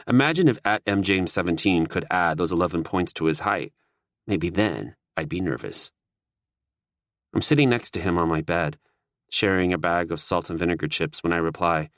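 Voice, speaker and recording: A man reads a first-person audiobook in a steady, wry way. His voice sits on the low side. The sound is dry and close, with no room around it. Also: moderate pace, no echo. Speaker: audiobook narrator.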